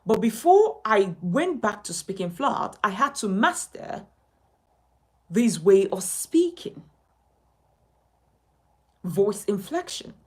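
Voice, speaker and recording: Nigerian woman, communication coach; animated pitch, emphatic, pushy, repeats herself for effect. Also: slow pace, long pauses, poor audio. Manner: emphatic, persuasive, repeats her points. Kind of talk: direct-to-camera class promotion.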